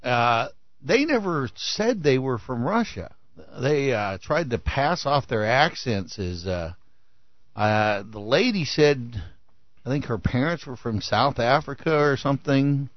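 A man's voice: mid-range voice, animated, unhurried, dry recording, muffled recording. A man co-hosting a radio talk show, retelling news stories casually with frequent fillers. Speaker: radio co-host.

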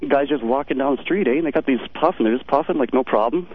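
A man's voice: mid-range voice, fast, breathy edge. A man with a Canadian accent calling into a radio show, talking casually and rambling. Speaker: caller. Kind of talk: phone-in call. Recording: tinny phone line.

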